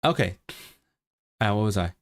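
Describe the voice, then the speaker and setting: A man's voice: lowish voice, lively intonation, moderate pace, fairly bright tone. Chatty man studying a language on stream. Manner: chatty and self-interrupting, with frequent restarts. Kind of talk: casual study livestream, reading aloud and musing.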